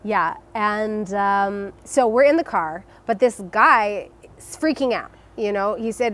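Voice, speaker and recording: A young adult woman telling her personal story as an interview guest, emotional and halting, with many restarts and fillers. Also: medium pitch, fairly bright tone.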